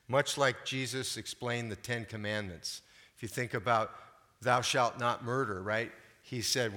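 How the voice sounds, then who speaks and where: An older male pastor delivers a conversational sermon, turning often to the congregation with questions. His voice is bright and forward. The sound rings with the long reverb of a church hall. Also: medium pitch, normal speed.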